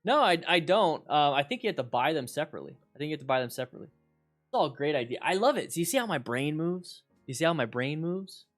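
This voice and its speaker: A man hosting a casual livestream chat with viewers, excitable and rambling, repeating himself with bursts of hype. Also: a little high, fast talker, soft background music. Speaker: motorcycle riding instructor and channel host.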